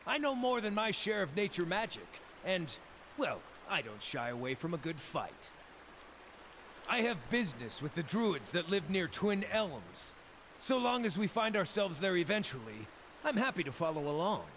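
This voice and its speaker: A man's voice: high-pitched, big pitch swings, moderate pace, fairly bright tone, a little hiss or hum. An actor playing a small, eccentric male Orlan druid in a game, speaking with jovial, relishing good cheer about odd things. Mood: friendly. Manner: jovial, relishing, playfully macabre. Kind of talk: game character dialogue. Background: game music.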